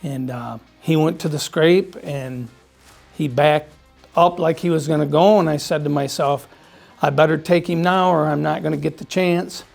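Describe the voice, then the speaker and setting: A man's voice: on the high side, fairly even intonation, normal speed, gravelly, a little mellow, soft background music. A man from Michigan telling his hunting story in a plainspoken, folksy way, often repeating himself. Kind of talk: casual storytelling.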